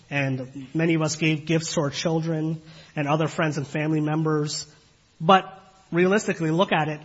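A man with a slightly husky, somewhat high voice preaches an earnest sermon. He talks in a measured way, stops on fillers and keeps putting questions to his listeners. The recording sounds dull and lo-fi.

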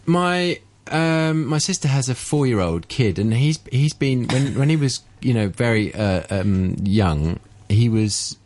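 A man's voice: mid-range voice, expressive, unhurried, few pauses, a little mellow. A man guesting on a radio show as a ventriloquist, explaining and demonstrating his technique in casual chat.

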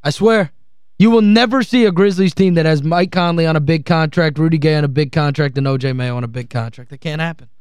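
A man's voice: fairly high pitch, quick pace, darkish tone, smooth, no room sound. A male sports radio host in a studio, ranting heatedly and with exasperation, hammering his points home by repeating phrases. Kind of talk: call-in sports talk rant.

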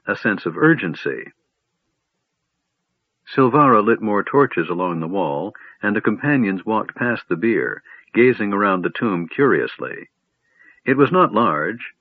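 A man reading fantasy narration aloud in a measured, even storytelling voice. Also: fairly low pitch, dry recording. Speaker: audiobook narrator. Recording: dry tinny phone-like audio.

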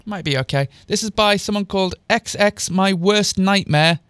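Brief: man, high and lively, sarcastic fan-fiction reader, dry close sound. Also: moderate pace, clear, resonant tone, no echo. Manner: mocking, exaggerated dialogue voices. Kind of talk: sarcastic dramatic reading with asides.

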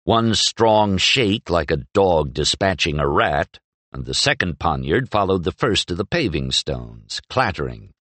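A man reading a novel aloud as an audiobook narrator, in expressive, measured storytelling. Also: low voice, no echo. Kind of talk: scripted narration.

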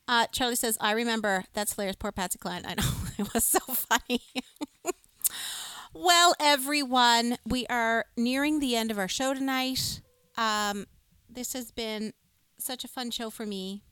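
A woman's voice: a little high, unhurried, sharp tone, clear, resonant tone, dry recording. A woman co-hosting a live music stream, chatting with enthusiasm and reading viewer comments aloud. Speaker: co-host of a music livestream. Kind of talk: casual live-stream chat.

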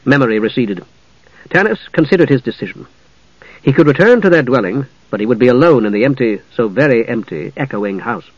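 Male audiobook narrator, measured storytelling, mid pitch, dry muffled sound. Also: animated, a little mellow, husky, no echo. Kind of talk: scripted fantasy narration.

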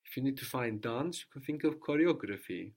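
A man's voice: medium pitch, animated, brisk, a little mellow. A man teaching a language lesson, patiently prompting his student and repeating the answers.

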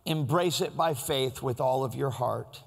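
A man's voice: mid-range voice, unhurried, creaky, slightly rough, long reverb tail. A man preaching a sermon in a church, in a conversational, storytelling way. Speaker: pastor.

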